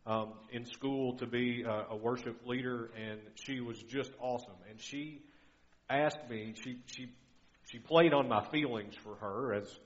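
A man's voice: mid-range voice, a little slow, muffled recording, a little hiss or hum. A middle-aged man giving a guest sermon in an earnest, conversational way, often restarting his sentences. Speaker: guest preacher.

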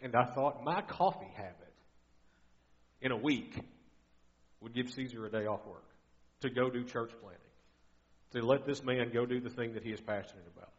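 A man's voice: mid-range voice, normal speed, long pauses, dull audio. A middle-aged man giving a guest sermon in an earnest, conversational way, often restarting his sentences. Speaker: guest preacher.

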